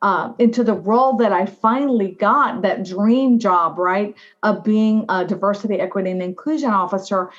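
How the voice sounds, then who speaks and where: A middle-aged woman from the United States, a guest on an interview show, telling her life story in an animated way and often saying "right?" and "you know". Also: mid-range voice, normal speed, hardly any pauses. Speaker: guest, diversity officer. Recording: slightly dull lo-fi audio.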